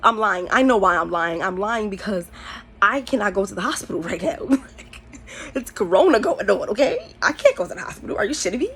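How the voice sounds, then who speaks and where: A young woman telling a storytime vlog, animated and slangy, laughing often as she talks. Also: mid-range voice, fairly quick. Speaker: vlogger.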